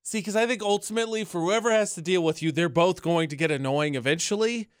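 A man co-hosting morning radio, playful and quick to argue a point. His voice sits a bit high, and the studio mic keeps it close and dry. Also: smooth, no echo. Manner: playful, argumentative, quick shifts in emphasis. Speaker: radio co-host. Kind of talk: casual morning radio chat.

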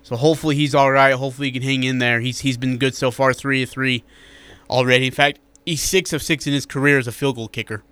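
A man's voice: mid-range voice, fairly even intonation, quick pace, a bit bright, smooth, dry recording. A man co-hosting a sports radio show, rambling and joking in casual talk.

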